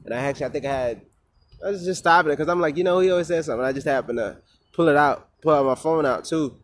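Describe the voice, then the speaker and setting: Vlogger, male, slightly high voice, loose rambling rant full of swearing and fillers. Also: fast. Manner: rambling, profane, many fillers and restarts. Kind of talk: casual rambling vent.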